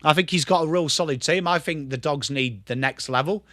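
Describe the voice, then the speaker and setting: A high-pitched young Englishman with a bright, forceful tone calls the footy live on his stream. He flips between rapid play-by-play and loose, sweary chat with viewers, all recorded close and dry. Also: no echo. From England. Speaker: livestream host. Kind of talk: live football watchalong commentary.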